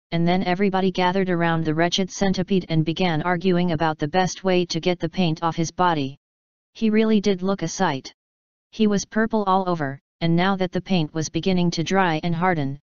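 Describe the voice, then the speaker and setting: Brief: lowish female narrator, crisp and smooth, dry, slightly dull recording. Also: a little mellow, dry recording. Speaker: audiobook narrator. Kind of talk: scripted story narration.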